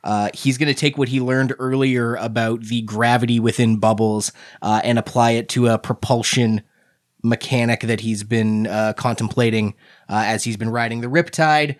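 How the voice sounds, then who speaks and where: A man playing a tabletop game, describing his character's actions in a relaxed, rambling way with many fillers. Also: medium pitch, moderate pace. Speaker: player.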